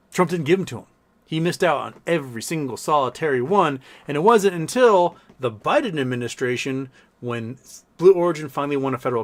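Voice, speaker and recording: A man hosting a casual live stream, reading viewer messages aloud and answering them in a blunt, profane, mocking way. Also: medium pitch.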